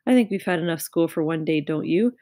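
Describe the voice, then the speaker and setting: A woman voicing a kind young teacher who speaks gently but firmly in a storybook reading. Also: low voice, animated, fairly quick, no echo, studio quality. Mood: relieved kindly. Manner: gentle, firm.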